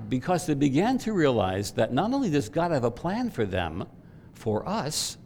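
A man preaching a sermon, swelling to loud emphatic peaks and dropping to quiet asides. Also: fairly high pitch, wildly swooping pitch, normal speed. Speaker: pastor.

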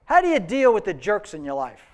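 A pastor preaching a sermon to a live congregation in a church service, telling an old joke in a relaxed storytelling way. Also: male voice, sits high, a little fast.

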